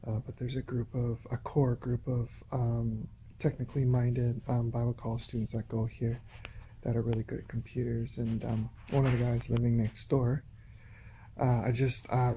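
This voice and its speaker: Hesitant man with a dark voice. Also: medium pitch, little pitch movement, slight background noise. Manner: hesitant, full of pauses and restarts. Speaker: vlogger. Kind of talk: rambling phone monologue. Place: home in a shared residential building. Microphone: phone.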